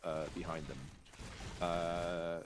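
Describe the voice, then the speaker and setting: A man's voice: low-pitched, flat delivery, takes it slowly. A man running a tabletop role-playing game as game master, casual and profane, with many fillers. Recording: noisy stream mix.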